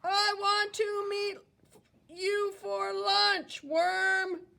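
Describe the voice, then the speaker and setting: A woman's voice: very high-pitched, flat delivery, drawn-out words, vocal fry, sharp tone, voice pushed up, exaggerated voice. A woman voicing a hungry, sly little bluebird in a picture book, in a coaxing sing-song. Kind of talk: reading a picture book aloud.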